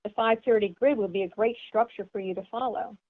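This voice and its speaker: A woman's voice: mid-range voice, fairly even intonation, fairly quick. A woman giving an instructional seminar talk, explaining step by step and acting out sample greetings. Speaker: seminar presenter. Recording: tinny phone-like sound.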